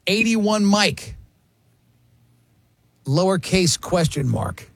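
A man's voice: high voice, big pitch swings, extremely slow, creaky, dry recording. A man in his fifties hosting a radio talk show, joking with co-hosts and reading listener comments aloud with frequent laughter. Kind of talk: casual studio banter.

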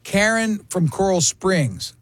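A man in his fifties with a high-pitched, expressive voice speaks slowly as he hosts a radio talk show, recorded dry. In casual studio banter, he jokes with co-hosts and reads listener comments aloud, laughing often.

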